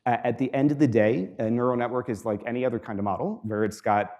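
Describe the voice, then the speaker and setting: Mellow-voiced man giving a lecture. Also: medium pitch, fast talker. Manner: relaxed explanatory delivery with frequent "uh" fillers; repeats student questions for the stream. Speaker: guest lecturer. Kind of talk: university lecture. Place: lecture hall.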